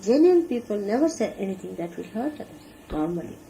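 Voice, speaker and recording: In an archival talk recording of low quality with faint hiss, a woman with a warm, sing-song, mid-range voice speaks fairly quickly. This spiritual teacher earnestly instructs her followers on how to behave, demonstrating each point with gestures.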